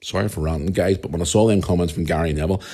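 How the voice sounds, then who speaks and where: A Northern Irish man with a deep, low voice rants on his solo podcast. He talks bluntly and angrily, swearing freely and pressing each point hard. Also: racing, dark tone. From Northern Ireland. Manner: angry, blunt, heavy swearing, ranting. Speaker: podcast host.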